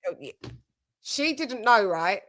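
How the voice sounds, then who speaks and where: A woman's voice: fairly high pitch, big pitch swings, slow, fairly bright tone. A British woman hosting a live stream, chatting casually and telling rambling family anecdotes with frequent swearing. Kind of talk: casual chat.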